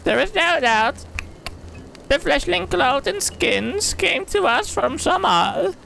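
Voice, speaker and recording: A man voicing a formal, shrill, insect-like beastman with a high squeaky voice while reading a game's dialogue aloud. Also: very animated, takes it slowly, gravelly, pushed and bright, slight background noise, exaggerated voice. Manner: stilted formal speech. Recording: game music playing behind.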